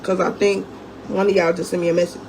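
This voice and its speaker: A woman's voice: lowish voice, level tone, fast talker, a little mellow. Young woman going off on camera, cussing nonstop, faint noise behind her. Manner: profane, confrontational, heated; calls viewers "gang", talks straight to them. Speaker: vlogger. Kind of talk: angry storytime rant.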